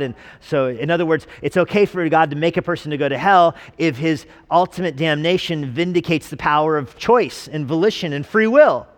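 A man's voice: fairly high pitch, brisk, few pauses, in a large hall. A male pastor preaching a sermon in a conversational way, with jokes and rhetorical questions, in a church sanctuary.

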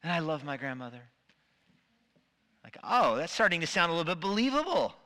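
Guy preaching a sermon, bright forceful voice, long church reverb, acts out little voices. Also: a little high, a little fast. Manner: animated, acts out quoted voices. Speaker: pastor. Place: church sanctuary.

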